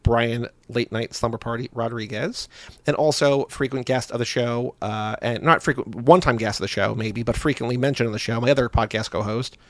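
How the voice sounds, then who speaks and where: Fast-talking young podcast man. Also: medium pitch, no echo. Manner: rambling with many "like" fillers. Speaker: podcast co-host. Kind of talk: casual chat.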